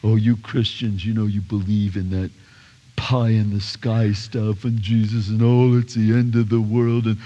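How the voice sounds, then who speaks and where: A low, scornful scoffer, put on by a man mid-sermon, heaps contempt on believers. The voice sits far beneath the speaker's usual register. It rings with a long hall reverb. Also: level tone, normal speed, warm tone, muffled recording, lightly acted. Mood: mocking. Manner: scornful, belittling. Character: sneering male scoffer mocking believers.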